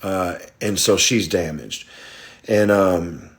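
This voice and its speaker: A man hosting a livestream, talking bluntly and profanely in a confessional rant that swings into loud, excited, laughing bursts. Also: low voice, slow. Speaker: livestream host.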